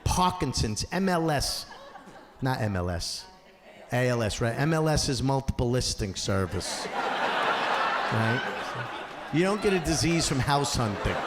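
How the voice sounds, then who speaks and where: A man doing a stand-up comedy set on a theater stage, acting out characters and shouting his punchlines. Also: fairly high pitch, sing-song, a little slow. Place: theater stage before a live audience. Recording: roomy hall sound with audience noise. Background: audience laughter.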